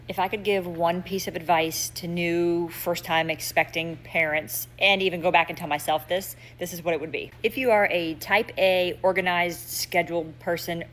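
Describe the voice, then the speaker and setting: A woman's voice: fairly low pitch, a bit bright, slight background noise. A young woman talking casually and practically to the camera, giving advice to new parents. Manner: chatty, practical, instructive. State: pregnant. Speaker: parenting content creator.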